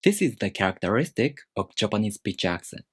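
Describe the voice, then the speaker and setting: Lively low-voiced male teacher. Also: breathy edge, no room sound, studio quality. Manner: deliberate, with spoken pitch demonstrations. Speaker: language teacher. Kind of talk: scripted explanatory lesson.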